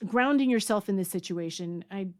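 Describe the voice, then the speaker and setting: A woman's voice: medium pitch, expressive, moderate pace. A woman giving a casual health lesson in a chatty way, full of fillers and restarts. Now and then she acts out a startled, panicky voice to make a point. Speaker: health coach. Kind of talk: casual educational talk. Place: home near a mountain lake.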